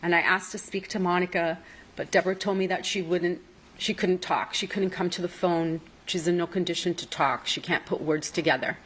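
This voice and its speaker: A woman's voice: on the low side, fairly even intonation, a little fast, fairly bright tone, breathy edge, low-quality recording. A woman testifying as a witness in a courtroom, recounting events at length and quoting what others said, emotional and apologizing through tears. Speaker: trial witness.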